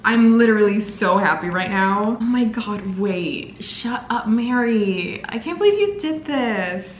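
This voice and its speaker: A woman's voice: fairly high pitch, expressive, takes it slowly, fairly bright tone, slight background noise. A woman in her twenties making an unboxing vlog, gushing and exclaiming dramatically over book gifts. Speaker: book vlogger. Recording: echoey room, faint ambience.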